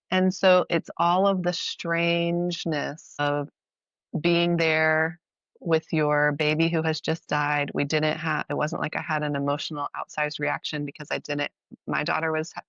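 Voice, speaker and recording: A woman in her thirties, a mother and midwife, telling a personal story in an interview in a soft, halting, reflective way. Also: sits low, no echo, highs cut off.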